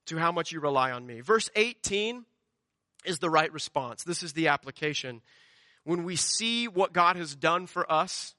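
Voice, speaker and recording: A man's voice: sits high, pushed and bright, no room sound, studio quality. A man preaching a sermon, earnest and emphatic, often repeating words as he drives a point home. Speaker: pastor.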